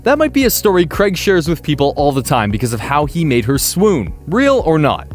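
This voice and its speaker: Lively man narrating a countdown. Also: a little high, fairly quick. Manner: lively, chatty, playfully emphatic. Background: faint background music.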